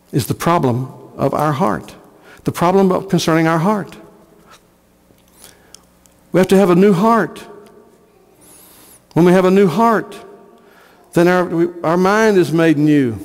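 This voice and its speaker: Preaching pastor in a reverberant church. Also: male voice, high-pitched. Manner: earnest preaching, repeats phrases for emphasis. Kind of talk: sermon. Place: church sanctuary.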